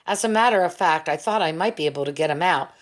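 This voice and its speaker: A woman's voice: low voice, quick pace, natural voice. A woman reading a weary stubborn young soldier. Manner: weary and insistent. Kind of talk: audiobook character voice.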